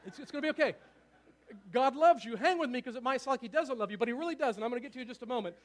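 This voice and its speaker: A man delivers a sermon in a church, his voice pitched unusually high. He talks at a rapid clip and gets visibly excited, checking in with his listeners as he goes. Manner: excitable, fast-talking, asks the room for agreement. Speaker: pastor. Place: church sanctuary.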